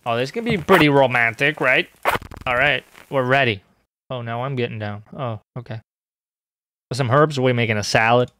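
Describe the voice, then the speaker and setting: A young man streaming a horror game, joking and excitable, bursting into high squeaky outbursts. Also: normal speed. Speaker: gaming streamer.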